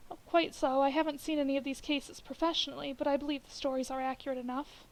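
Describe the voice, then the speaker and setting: A woman reading as a brisk skeptical doctor. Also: sits high, fairly even intonation, rough recording. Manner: brisk, dismissive. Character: skeptical country doctor, brisk and matter-of-fact.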